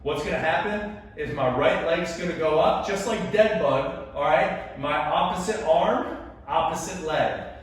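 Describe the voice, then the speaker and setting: A man's voice: a little high, a little slow, distant mic. Peppy young coach guy counting reps, keeps saying all right, standing back from the mic, super echoey room. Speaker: PE teacher leading a workout and recipe. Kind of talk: energetic class instruction. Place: indoors, gym then home kitchen.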